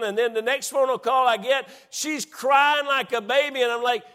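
A middle-aged man preaching a sermon as pastor, stumbling through restarts and building into excited storytelling. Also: very high voice, moderate pace, hardly any pauses. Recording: long hall reverb.

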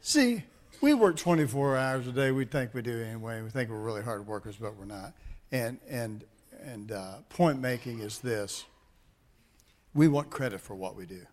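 Middle-aged man preaching a lively sermon. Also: mid-range voice, normal speed. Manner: animated storytelling, calls on the congregation. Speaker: pastor.

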